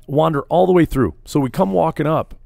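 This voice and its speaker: A man's voice: on the high side, brisk, vocal fry, mellow. A man, hosting a casual radio show and telling a rambling family story, acting out the people in it. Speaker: podcast host.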